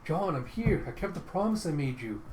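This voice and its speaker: A man's voice: fairly high pitch, big pitch swings, normal speed, voice pushed up. Man reading an earnest young woman. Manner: earnest, pleading. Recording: roomy room with faint noise.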